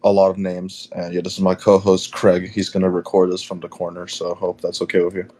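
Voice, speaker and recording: A man's voice: low-pitched, completely flat delivery, a little fast, dark tone. Rambling young man hosting a podcast. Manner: rambling, many fillers and restarts. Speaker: podcast host. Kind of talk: casual interview chat.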